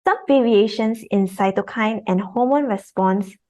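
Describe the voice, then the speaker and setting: A woman's voice: mid-range voice, a little slow, darkish tone. A young woman, a research assistant, reading a scientific presentation in a careful, formal way.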